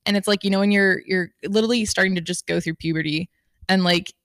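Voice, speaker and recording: A woman's voice: medium pitch, fairly even intonation, fast, no echo, studio quality. A young woman in casual chat, rambling with lots of filler words and the odd swear.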